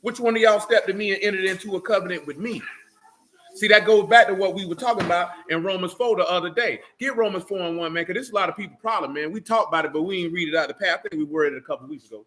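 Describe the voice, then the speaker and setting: Male Bible teacher, high bright voice, preachy, keeps quizzing the class. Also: racing. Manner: preachy, calls out questions to the class. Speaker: teacher leading a Bible study. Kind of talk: sermon.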